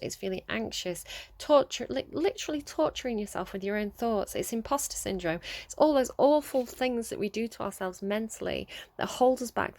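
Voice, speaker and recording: A woman's voice: medium pitch, darkish tone, no echo. A woman reading tarot cards, talking earnestly and rambling a little, repeating phrases to stress them. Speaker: tarot reader. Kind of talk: tarot card reading to camera.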